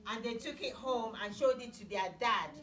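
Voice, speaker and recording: With a crowd audible behind her, a woman teacher recounts a Bible story for children at a slow pace, using plain language and questioning them along the way. Her pitch is fairly high, and she sits far from the mic in a room full of echo.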